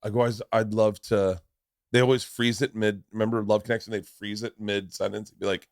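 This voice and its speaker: A man's voice: on the low side, fairly quick, dry recording. A man in his forties from Florida, hosting a podcast in casual chat and telling stories with acted-out voices and lots of swearing, on a studio mic. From Tampa, Florida. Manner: animated storyteller, acts out voices and swears freely. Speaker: podcast host.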